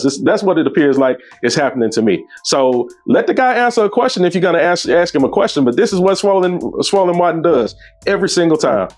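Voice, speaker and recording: A man's voice: medium pitch, darkish tone. Emphatic scornful male commentator. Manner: emphatic, scornful, rising sharply when indignant. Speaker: host commenting on a debate clip. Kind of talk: opinionated commentary over a clip.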